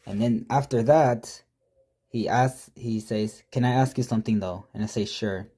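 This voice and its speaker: A man's voice: lowish voice, steady tone, moderate pace, dark tone. A man casually telling a prank story, reading out text messages with profane, mocking, exasperated commentary.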